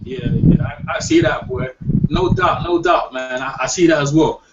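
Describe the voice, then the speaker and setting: A man with a high voice hosts a casual online hangout in loose slang, repeating himself as he goes. He sits back from a dull, lo-fi mic. A faint hiss runs under his talk. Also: wildly swooping pitch, normal speed, creaky, distant mic. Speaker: host.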